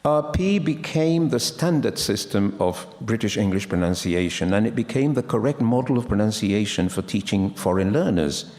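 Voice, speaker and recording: A man's voice: on the low side, lively intonation, moderate pace, few pauses, darkish tone. A man giving an academic lecture on pronunciation, explaining and quoting sources, in a lecture hall. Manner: explanatory, quotes sources, with frequent restarts.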